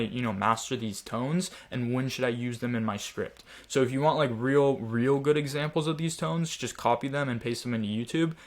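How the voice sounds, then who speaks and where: A young man giving a casual sales training lecture, explaining with many fillers and acting out different tones of voice. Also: medium pitch. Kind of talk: screen-share training lecture.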